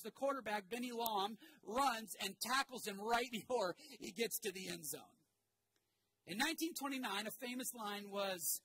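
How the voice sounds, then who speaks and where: Animated male pastor preaching. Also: high-pitched, normal speed, a little hiss or hum, poor audio. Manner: animated storytelling with shouted asides; calls on the congregation to repeat phrases. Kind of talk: sermon. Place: church sanctuary.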